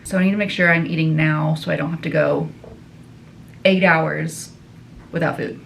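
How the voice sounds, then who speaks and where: A woman's voice: low-pitched, steady tone, moderate pace, vocal fry, a bit bright, a little hiss or hum, rough recording. A woman, a dietitian, chatting casually to her viewers in a day-in-the-life vlog. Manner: chatty, talks straight to viewers. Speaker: outpatient dietitian vlogger.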